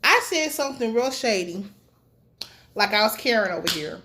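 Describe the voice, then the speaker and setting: A woman's voice: fairly high pitch, expressive, moderate pace, pauses often, sharp tone, a little hiss or hum. A woman recapping and reviewing a TV episode in casual, profane commentary, swinging her voice up and down for drama. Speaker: TV show reviewer.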